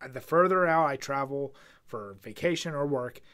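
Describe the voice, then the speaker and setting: A man's voice: medium pitch, lively intonation, moderate pace, fairly bright tone. A young man with a Philadelphia accent co-hosting a podcast, talking casually, teasing his friend with profanity and frequent laughter. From Philadelphia, USA. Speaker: podcast co-host. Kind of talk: casual chat.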